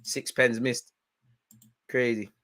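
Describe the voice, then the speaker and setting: A young man with a London accent, chatting casually on a football watch-along stream in heavy slang, swinging between loud hype and low mutters. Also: little pitch movement, slow pace. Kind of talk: casual live-stream chat.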